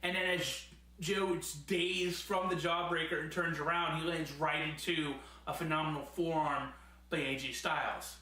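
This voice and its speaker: A man's voice: fairly high pitch, steady tone, normal speed, pushed and bright. A man giving a casual, enthusiastic spoken review as a host, rambling at times and laughing often. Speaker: wrestling show reviewer. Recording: very echoey room.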